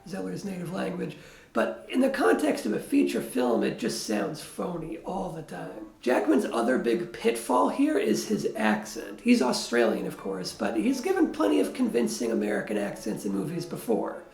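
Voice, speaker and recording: A male film critic delivers a blunt, wry review. His voice sits high and is heavily gravelly. The sound is echoey, as if from a bare room. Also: huge pitch swings, moderate pace, a little mellow.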